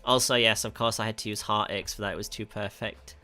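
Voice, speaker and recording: This music producer, a Northern English man from the north of England, works through chat questions in a livestream Q&A, laughing often and fixing his words amid lots of ums. His voice is on the low side and steady, and he talks fast with a bright, forceful tone.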